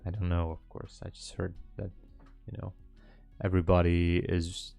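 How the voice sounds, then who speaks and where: A man's voice: deep voice, flat delivery, moderate pace, gravelly, dark tone, faint music behind. A man hosting a live trading stream, chatting casually and hesitantly with viewers in a rambling way. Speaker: livestream trading host.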